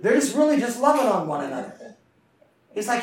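This pastor's voice is very high and sing-song, moving a little fast as he preaches fervently and calls out for the congregation to respond. Heard from a distance in an echoey sanctuary, the recording carries a slight hiss or hum.

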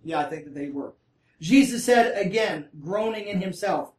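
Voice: medium pitch, expressive, normal speed. Bible study leader reading scripture and explaining it, casual and talkative, asks the group questions, set back from the mic in an echoey room. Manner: reads scripture aloud, then breaks off to explain casually; often checks in with listeners. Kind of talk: conversational Bible study teaching. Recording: roomy, distant mic.

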